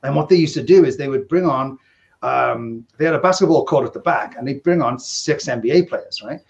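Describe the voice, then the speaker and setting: A man's voice: medium pitch, a little fast, creaky, dull audio. A man in his fifties, a casino dealer hosting a podcast, rambling through stories with chuckles and acted-out dialogue. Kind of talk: casual storytelling.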